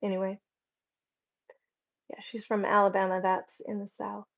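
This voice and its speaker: A woman's voice: mid-range voice, completely flat delivery, normal speed, gravelly, highs cut off. A woman hosting a casual livestream, chatting and reading viewer comments in a rambling, friendly way. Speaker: livestream host. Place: home.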